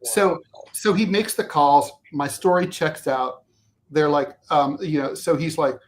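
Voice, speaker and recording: Guy on a talk show telling a story, animated, swears a lot, keeps restarting sentences. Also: fairly high pitch, measured pace. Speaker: co-host. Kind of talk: casual storytelling chat.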